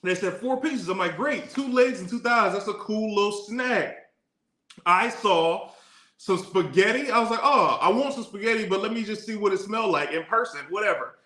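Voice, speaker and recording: High, bright man playfully defending himself. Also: normal speed. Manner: defensive, animated storytelling, playful. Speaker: podcast co-host. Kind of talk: casual couple banter. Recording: echoey room.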